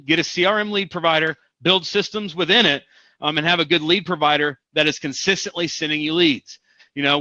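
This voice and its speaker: Male real estate coach from Missouri, punchy motivational delivery, bright tone, dry lo-fi sound. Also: on the high side, dry recording. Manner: energetic, emphatic, repeats for punch. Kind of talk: motivational seminar talk.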